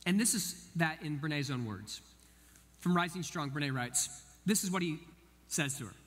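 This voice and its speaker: A man with a fairly high voice preaches a sermon, telling a story in an animated way and acting out each person he quotes. His voice carries a long reverb, as if it is filling a church hall. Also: normal speed. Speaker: pastor.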